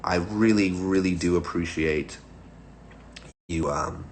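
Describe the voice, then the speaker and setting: A man's voice: deep voice, slow, a little hiss or hum. A man, a singer-songwriter hosting a livestream, chatting casually between songs in a rambling way and laughing often. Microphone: phone livestream. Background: piano playing.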